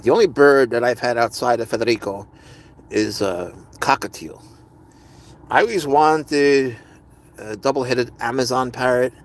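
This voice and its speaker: A man's voice: mid-range voice, a little slow. A man hosting a live stream, chatting casually and rambling as he answers viewers' comments. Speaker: livestream host.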